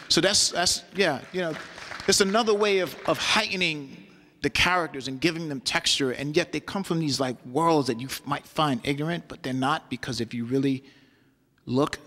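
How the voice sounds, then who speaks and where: A man's voice: fairly high pitch, pushed and bright. A man giving a loose, conversational talk as a guest lecturer, often checking in with "right?". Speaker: guest lecturer, solo performer. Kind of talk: university lecture with storytelling. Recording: long hall reverb.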